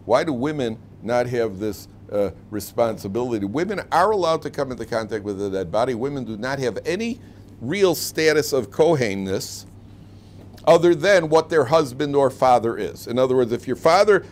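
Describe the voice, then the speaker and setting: A man's voice: a little high, slight background noise. A man teaching a casual Torah class, chatty and joking, acting out quoted lines. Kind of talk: informal classroom lecture.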